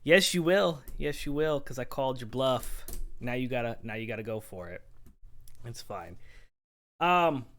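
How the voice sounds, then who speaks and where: A man's voice: medium pitch, a bit bright. A man with a Midwestern accent hosting a live stream, chatting casually and bantering playfully. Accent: Midwestern American. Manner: joking, playfully defiant banter. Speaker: streamer host.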